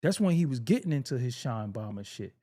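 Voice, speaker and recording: A man's voice: mid-range voice, sing-song, brisk, warm tone. A man hosting a casual reaction video, joking, laughing often and swearing freely as he comments on clips.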